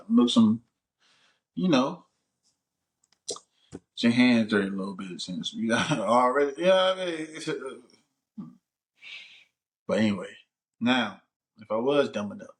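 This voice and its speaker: A man hosting a casual vlog, joking around in loose, laid-back slang. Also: on the low side. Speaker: vlog host. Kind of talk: casual chat to camera.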